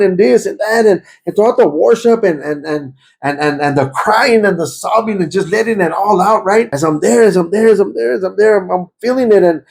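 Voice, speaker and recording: Man, gravelly, slightly high voice, repeats himself, fervent testimony, bits of spanish. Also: a little fast, hardly any pauses. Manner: repeats words and phrases, stammering restarts; grows loud and fervent when reliving prayer. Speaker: guest giving a testimony. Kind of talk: personal testimony in conversation.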